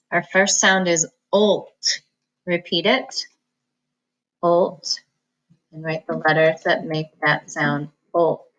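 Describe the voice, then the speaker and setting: A woman teaching a reading lesson, slowly sounding out words and syllables and pausing for the listener to repeat them. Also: lowish voice, a bit bright. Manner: slow, patient enunciation of words and syllables; repeats each word for the listener to echo. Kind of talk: phonics lesson, slow and clear.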